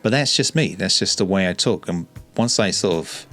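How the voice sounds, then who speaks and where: A calm, shy man vlogging to camera, talking in a relaxed monotone with frequent stutters and restarts. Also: low-pitched, normal speed, soft background music. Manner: calm, relaxed, soft-spoken. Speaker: YouTuber. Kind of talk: reflective talking-to-camera vlog.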